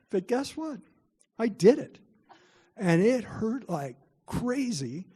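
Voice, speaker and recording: A man's voice: high-pitched, dark tone, slightly rough. A middle-aged man giving a parent workshop, telling chatty, self-deprecating stories to the room. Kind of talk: storytelling talk to parents.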